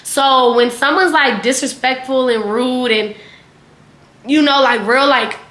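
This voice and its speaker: A young woman vlogger telling a casual storytime, chatty and animated, full of fillers and swearing. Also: high voice, a little slow, reverberant.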